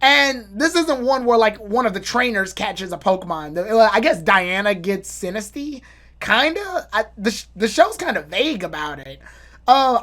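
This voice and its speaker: This anime reviewer, a woman with a medium-pitched, somewhat bright voice, rambles through an opinionated, casual episode review full of swearing and restarts.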